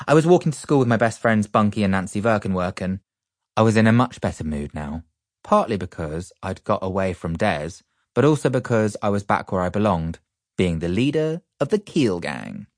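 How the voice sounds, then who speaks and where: A man giving an expressive, playful reading of a children's book. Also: on the low side, normal speed, no room sound, clean studio sound. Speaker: audiobook reader. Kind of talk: animated children's book narration.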